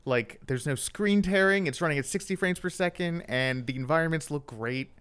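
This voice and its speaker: A man's voice: on the high side, moderate pace, a bit bright, smooth. A man co-hosting a podcast, chatting casually about a video game in an easygoing way with jokes. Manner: easygoing and joking, often laughing. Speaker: podcast co-host. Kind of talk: casual chat.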